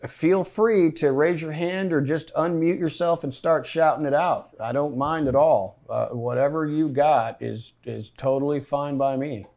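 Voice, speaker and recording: A man's voice: a little high, a little slow, hardly any pauses, a little mellow. A man teaching a Bible study, asking questions and thinking aloud with a group in the room and online. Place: meeting room with online participants.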